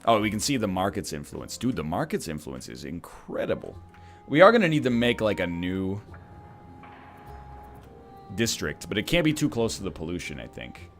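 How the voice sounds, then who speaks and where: A man's voice: deep voice, very animated, normal speed, soft background music. A man from Canada giving casual gameplay commentary as a streamer, rambling with joking asides. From Canada (Ontario).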